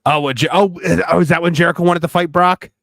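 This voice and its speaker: A man co-hosting a casual wrestling chat, excitable and quick to laugh. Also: fairly high pitch, no room sound, clean studio sound. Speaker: podcast co-host.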